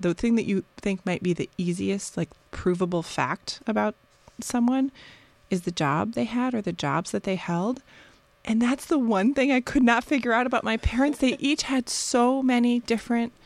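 A woman's voice: mid-range voice, no room sound. A woman author from the United States, a guest in a radio studio, telling stories with enthusiasm. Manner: enthusiastic, animated storyteller. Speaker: author guest and occasional guest host. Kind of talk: casual radio interview.

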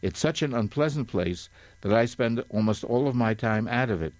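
A man's voice: medium pitch, animated, moderate pace, darkish tone, no room sound, natural voice. An older man reading aloud as a grimy, malicious male bird who twists every word, haughty and cackling. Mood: gleeful.

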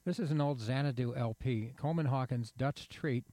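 Dry, mellow-voiced male radio host. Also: mid-range voice, fairly quick, no echo. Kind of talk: casual radio announcing.

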